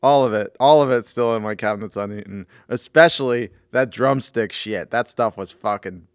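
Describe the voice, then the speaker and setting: A man co-hosting a podcast in casual chat, laughing often and breaking into loud impressions. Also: mid-range voice, moderate pace, smooth, no echo, clean studio sound. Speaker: podcast co-host.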